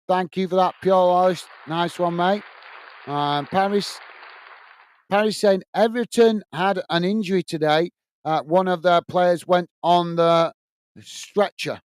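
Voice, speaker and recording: A man's voice: sits high, smooth, no echo, studio quality. A man hosting a live football watch-along, chatting to viewers and reading their comments aloud. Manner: chatty, addresses viewers as guys and mate.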